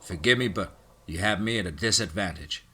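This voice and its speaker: A man voicing a calm, sardonic male special ops team leader. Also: low voice, fairly quick, a little hiss or hum. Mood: dry.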